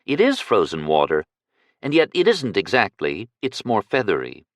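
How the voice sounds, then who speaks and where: A man's voice: lowish voice, huge pitch swings, normal speed, no room sound, studio quality. An audiobook reader voicing a gracious, poised young woman who plays hostess, polite and curious. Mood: polite curiosity. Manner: polite, curious, brightly sociable.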